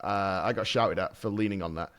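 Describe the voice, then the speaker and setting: A man streaming, telling stories in a casual, animated way, swearing and laughing often. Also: lowish voice, brisk. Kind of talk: casual chat.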